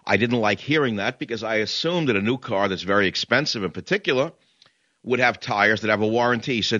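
A man's voice: on the low side, a little fast, sharp tone, dry recording, lo-fi sound. A man hosting a talk radio show, ranting in a combative, sarcastic monologue.

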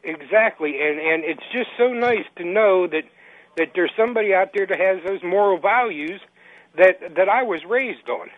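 A man's voice: high-pitched, expressive, moderate pace, no echo. A man in his fifties from West Virginia calling into a radio show, hesitant and stammering. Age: 50s. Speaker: caller. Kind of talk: call-in chat. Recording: tinny phone line on radio.

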